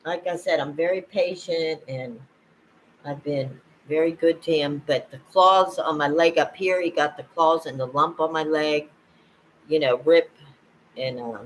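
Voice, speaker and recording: An older woman talking casually to camera at home, rambling and halting, with frequent laughs. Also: low voice, slight background noise, low-quality recording. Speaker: vlogger. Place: at home, indoors.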